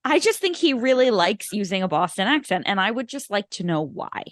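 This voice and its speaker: Co-hosting a movie podcast, this young Long Island, New York woman keeps things chatty and casual, laughing a lot and using plenty of fillers. Her mid-range voice is sing-song and fairly quick, captured in clean studio sound with no room noise.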